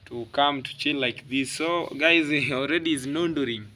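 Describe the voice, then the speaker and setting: A man's voice: a little high, moderate pace, pushed and bright, slight background noise. A man with a Swahili accent chatting casually to his viewers in simple English. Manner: plain, simple English, addresses viewers as guys. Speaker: vlogger.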